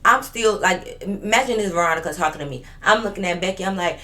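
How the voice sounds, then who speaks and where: A woman's voice: lowish voice, quick pace, hardly any pauses, fairly bright tone. A woman in her twenties telling a storytime vlog in an emphatic, profane, fired-up way. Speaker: vlogger.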